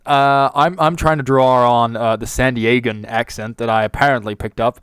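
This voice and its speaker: A man co-hosting a podcast while putting on a mock American accent over his British voice. He sounds smooth and resonant with a dry, close sound, and he hesitates and fills gaps as he jokes along. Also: medium pitch, steady tone, normal speed, a bit bright, no room sound. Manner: jokey, hesitant, many fillers. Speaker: podcast co-host. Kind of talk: casual chat in a put-on American accent.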